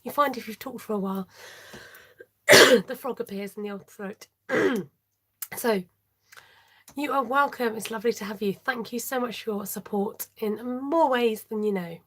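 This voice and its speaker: A woman hosting a live card-making tutorial, chatting warmly as she reads out viewer votes and laughs often. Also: a little high, normal speed, pauses often. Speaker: card-making livestream host. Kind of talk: live crafting tutorial chat.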